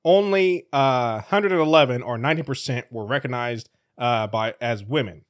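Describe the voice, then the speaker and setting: A man's voice: medium pitch, normal speed. A man co-hosting a casual news-chat podcast, rambling and laughing often as he restarts his sentences. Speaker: podcast co-host.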